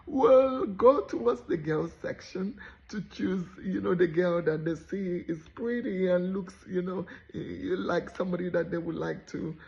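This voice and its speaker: Gravelly woman telling a story. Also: lowish voice, dull audio. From Nigeria. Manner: animated, acts out the voices of people in her story. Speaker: motivational speaker. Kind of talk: motivational storytelling.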